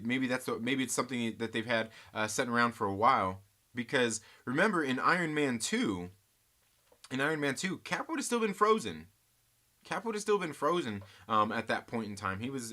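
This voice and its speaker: Bright-voiced man rambling through chat. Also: medium pitch. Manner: rambling, thinks aloud with frequent restarts. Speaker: host of a live movie chat stream. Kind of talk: casual live-stream chat, reading viewer comments aloud.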